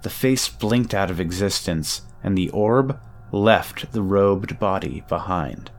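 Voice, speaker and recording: A man narrating a first-person audio drama in a measured storytelling way. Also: sits low, expressive, soft background music. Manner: measured storytelling, nervous stammer in own lines.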